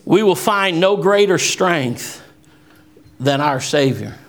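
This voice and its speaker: A man preaching a fervent sermon and quoting scripture, swinging from low, quiet asides to raised, shouted lines. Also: animated, takes it slowly. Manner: quotes scripture.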